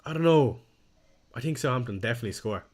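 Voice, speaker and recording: Young male streamer, casual self-deprecating chat, mid-pitched voice. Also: lively intonation, quick pace, darkish tone. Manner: chatty, self-deprecating, reads chat aloud. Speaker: fantasy football streamer. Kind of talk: casual live-stream chat reading viewer comments.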